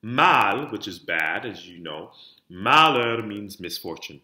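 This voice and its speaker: A man teaching French diction in an online lesson, speaking each word clearly for students to repeat and stressing word endings. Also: on the low side, big pitch swings, slow pace, sharp tone, echoey room. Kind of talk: online lesson, modeling words for repetition.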